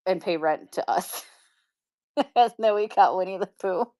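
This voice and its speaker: A woman's voice: medium pitch, normal speed, mellow. A woman hosting a live-stream pin auction, chatting casually and upbeat with viewers and laughing often. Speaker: live shopping seller.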